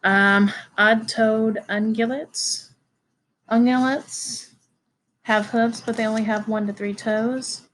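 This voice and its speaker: A woman lectures on biology at an unhurried, deliberate pace, filling pauses with frequent "um"s and "uh"s. She talks to her students casually and directly. A faint hiss of noise sits under her voice. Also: on the high side, steady tone, low-quality recording. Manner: halting, many fillers and restarts; informal, addresses students directly. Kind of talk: recorded classroom lecture.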